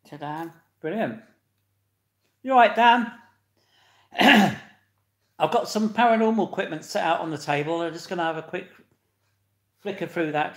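Chatty man, echoey room. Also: a little high. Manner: chatty, laughing, greets viewers loudly. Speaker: live stream host. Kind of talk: casual live-stream chat with viewers.

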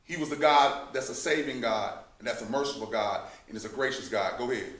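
A man's voice: medium pitch, fairly quick, fairly bright tone. A man teaching a Bible study, speaking in an emphatic, fervent preaching manner. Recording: echoey room, mic at a distance.

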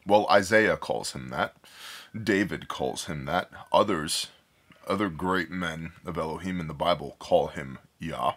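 Reading scripture aloud, a man with a low, slightly bright voice moves unhurriedly, stopping to explain passages in a loose, wandering way as he thinks aloud. He is a Bible study teacher.

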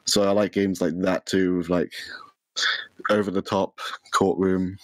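A man's voice: low-pitched, level tone, unhurried, poor audio. A young man chatting as a podcast guest about streaming, rambling with many fillers and restarts. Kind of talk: casual chat.

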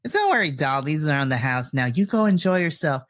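A man's voice: a little high, expressive, a little fast, fairly bright tone. A man voicing a cheery small halfling woman who sells candy, doting and sweet-talking in a tabletop role-play game. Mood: sugary. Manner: sugary, doting, calls everyone sweetie.

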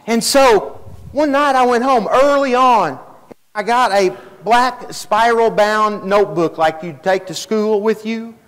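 A man telling his story in a folksy, animated sermon, acting out the dialogue. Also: sits high. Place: church hall. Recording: live church stream with long hall reverb.

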